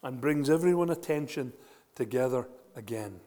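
Male preacher, animated storyteller, mid-pitched voice, long echo of a church hall. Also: normal speed. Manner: animated storytelling, rhetorical questions. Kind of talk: sermon.

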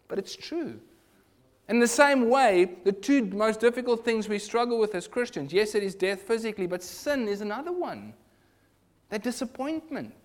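A man preaching a sermon, earnest, moving between loud emphasis and hushed asides. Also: sits high, sing-song, normal speed.

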